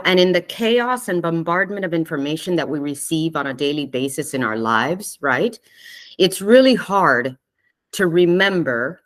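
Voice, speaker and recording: A woman with a low voice gives a spiritual talk to an online group. She speaks gently and conversationally, checks in with her listeners often and laughs easily. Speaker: spiritual teacher hosting a live online session.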